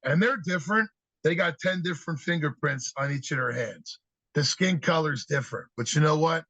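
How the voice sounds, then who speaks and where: A man guest on a podcast, telling lively stories about kids and acting out their replies in an energetic, conversational way. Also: fairly high pitch, normal speed, breathy edge, dry recording, low-quality recording. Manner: animated storyteller, acts out kids' answers. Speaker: podcast guest, youth speaker. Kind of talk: storytelling interview talk.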